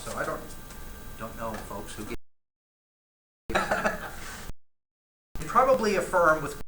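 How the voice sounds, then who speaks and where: A man's voice: on the high side, sing-song, slow, pushed and bright, slight background noise. A man teaching a church Bible class in a conversational way, reading passages aloud and breaking off with asides to his students. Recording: roomy, echoey room with faint ambience.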